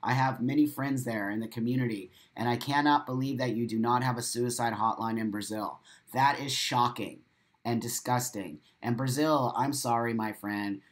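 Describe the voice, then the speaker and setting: A man's voice: medium pitch, steady tone, normal speed. A man hosting a live stream, reading out viewer comments and reacting bluntly, repeating himself and swearing for emphasis. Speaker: livestream host.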